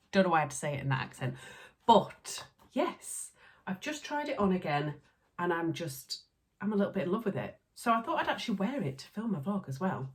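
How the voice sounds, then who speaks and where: A Yorkshire woman chats casually to her viewers about her sewing. Her voice sits a little low and she talks with frequent laughs and filler ums. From Yorkshire, England. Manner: chatty, laughs often, lots of ums. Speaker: sewing vlogger. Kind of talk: casual chat to camera.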